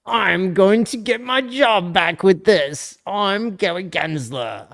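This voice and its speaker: A man doing a slow, mock-serious impression of a pompous male financial regulator. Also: sits high, expressive, vocal fry, fairly bright tone, voice pushed up, full character voice.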